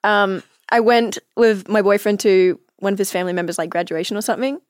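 A woman's voice: medium pitch, a little fast, no echo. Giggly Australian woman, dry close sound. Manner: giggly, self-mocking, laughs often. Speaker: podcast guest. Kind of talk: casual chat.

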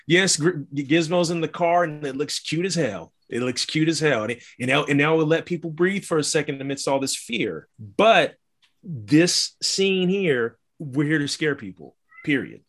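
A man co-hosting a podcast, talking about a film in a loose, animated way with lots of fillers. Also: a little high, normal speed. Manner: animated, rambling, many fillers. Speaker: podcast co-host. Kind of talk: casual movie discussion.

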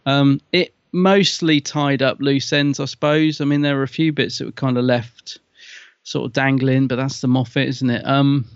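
A man chatting casually as podcast co-host, thinking aloud and often restarting his sentences. His voice sits at an ordinary pitch. The sound is dull and lo-fi, with a dry, close feel. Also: little pitch movement, normal speed, clear, resonant tone, dry recording. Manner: hesitant, conflicted, restarts often. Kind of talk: casual review chat.

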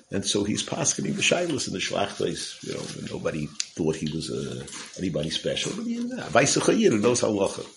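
Man, very low voice, relaxed storytelling sermon, slight background hiss. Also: gravelly, poor audio. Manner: casual, conversational, with fillers and restarts. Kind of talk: storytelling Torah talk.

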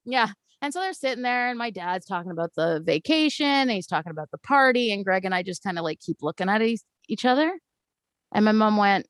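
A woman, a guest, telling a personal story in an animated way and acting out the voices of the people in it, often close to tears. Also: medium pitch, a little fast, dry recording. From Canada. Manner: animated, acts out quoted voices.

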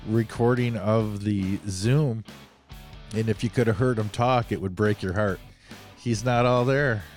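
A man's voice: fairly low pitch, darkish tone. A man hosting a casual podcast, joking and rambling as he talks, a bit under the weather. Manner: joking, rambling, self-deprecating. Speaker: podcast host.

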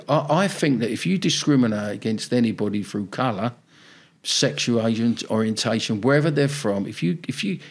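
An older man with a South London accent speaks in a mid-range, slightly rough voice. A football manager appearing as a guest on a podcast, he tells his story bluntly and with plenty of animation.

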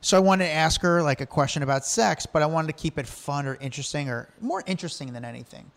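A man with a gravelly, fry-laden voice, pitched a little above the usual male range. He tells his stories in a loose, animated way, acting out what people said. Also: quick pace. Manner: animated anecdotes, acts out quoted lines, laughs often. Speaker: guest telling stories. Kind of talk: casual storytelling chat.

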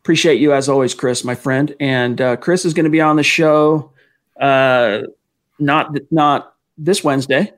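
Chatty guy hosting a football podcast stream, voice a bit on the high side, reads out the chat. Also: steady tone, measured pace. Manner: chatty, answers fan questions, reads chat aloud. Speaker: podcast co-host. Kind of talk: casual sports talk livestream.

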